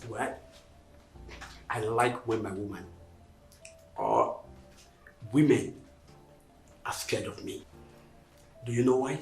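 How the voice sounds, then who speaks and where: A man's voice: on the low side, very animated, takes it slowly, gravelly, pauses often, a little mellow, heavily acted. A swaggering, domineering Nigerian man, mocking and boastful,. His voice rings in a roomy space, with faint music underneath.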